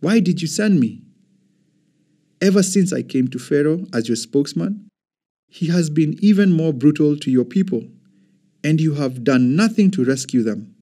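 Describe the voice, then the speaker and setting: A man's voice: on the high side, expressive, normal speed, dark tone, voice pushed up. A man reading the words of a distressed prophet protesting to God, pleading and troubled.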